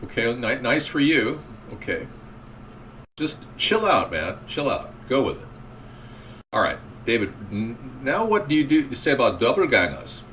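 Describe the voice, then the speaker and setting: A man's voice: medium pitch, sing-song, unhurried, a bit bright. Male talk host, rambling call-in chat, faint hiss behind. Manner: rambling, reacting to callers and chat.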